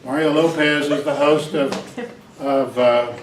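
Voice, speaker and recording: A man's voice: fairly high pitch, fairly even intonation, measured pace, slight background noise. Distant joking man lecturing in an echoey hall. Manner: digressive and joking, acts out examples with barks and voices. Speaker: psychology lecturer. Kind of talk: university lecture.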